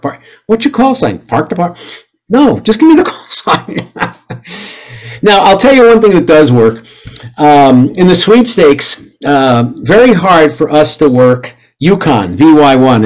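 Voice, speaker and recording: A middle-aged man giving a lively talk to a club audience, blunt and joking, with sudden loud outbursts when he acts out radio calls. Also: medium pitch, low-quality recording. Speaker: club presenter.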